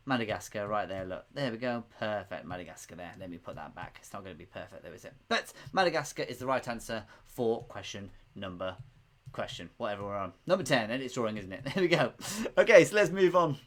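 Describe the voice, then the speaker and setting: A man's voice: lowish voice, animated, quick pace, a bit bright. A man hosting a casual live quiz stream, chatty and rambling, often laughing. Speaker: quiz host.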